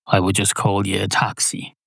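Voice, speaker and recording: A man doing a calm, long-winded barman. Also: fairly low pitch, vocal fry, no room sound, studio quality, exaggerated voice. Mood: patient. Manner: measured, long-winded and reasonable. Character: unflappable, fussy male pub barman.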